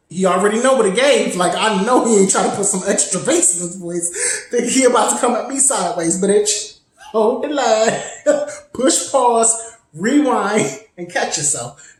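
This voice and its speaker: A woman in her twenties telling a personal story in a casual, profane, rambling way, full of side tangents. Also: mid-range voice. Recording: very echoey room.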